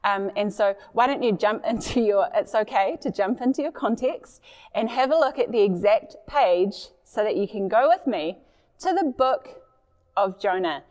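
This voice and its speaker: A woman's voice: mid-range voice, lively intonation, normal speed, darkish tone, long reverb tail. A woman preacher giving a sermon, reading scripture expressively and adding chatty asides.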